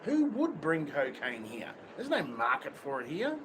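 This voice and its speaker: A man's voice: a little high, wildly swooping pitch, unhurried. An Australian man livestreaming outdoors near a beach, talking bluntly and swearing constantly in casual chat. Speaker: livestream host. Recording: outdoor street noise with traffic.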